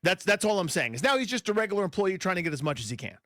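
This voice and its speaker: A man with a high, very lively voice argues his side on sports talk radio. He talks in animated bursts and stumbles over repeated words when pressed. The sound is dry and close to the studio mic. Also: racing, no room sound. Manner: animated, argumentative, stumbles and restarts when heated.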